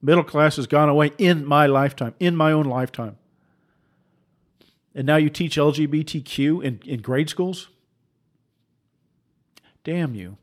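A man's voice: on the high side, moderate pace. A man preaching with heated, repetitive rhetoric and rhetorical questions, often stumbling into restarts. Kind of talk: impassioned preaching commentary.

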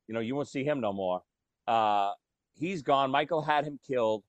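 A man co-hosting a podcast, talking about movies in a casual, animated storytelling way. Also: mid-range voice, moderate pace, dry recording. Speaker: podcast co-host.

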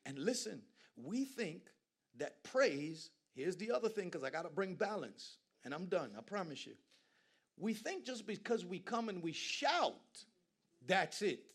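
A man from Guyana preaching a sermon in a church, swinging from hushed asides to loud, laughing exclamations. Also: high-pitched, lively intonation, unhurried, slightly rough. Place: church sanctuary.

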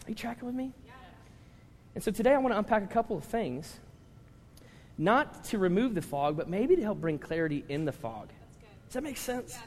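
A male pastor preaches with lively, humorous storytelling and often turns to address the room. His voice sits high for a man. The live recording carries a long, ringing reverb from the church hall. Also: a little hiss or hum. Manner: animated storytelling with humor, talking to the congregation. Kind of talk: sermon. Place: large church hall with congregation.

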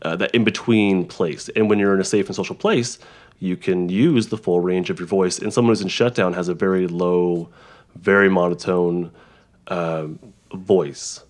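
Low-voiced male therapist explaining. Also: fairly even intonation. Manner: halting, restarts often, explains with examples. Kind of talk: conversational interview.

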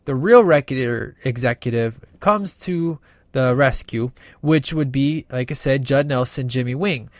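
A movie reviewer with a medium-pitched, slightly slow male voice gives a casual film recap, recorded clean in a studio with no echo. He retells the plot in an animated way, acting out the characters' lines and using lots of fillers.

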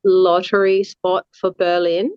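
A woman in her thirties with an Australian accent, a guest in a casual interview, talking haltingly with many fillers and restarts. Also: lowish voice, level tone, smooth, dry recording, lo-fi sound. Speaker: guest, marathon runner.

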